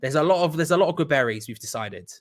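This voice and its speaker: A man's voice: on the high side, animated, fast. A man, hosting a live stream in an upbeat, chatty way and reading out viewers' comments. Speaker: host.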